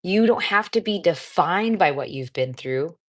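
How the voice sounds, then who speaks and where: Low-voiced American woman chatting on a livestream. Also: animated, measured pace. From United States. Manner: chatty, warm and encouraging, with frequent fillers. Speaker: cancer coach hosting a livestream. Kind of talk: casual livestream chat reading comments.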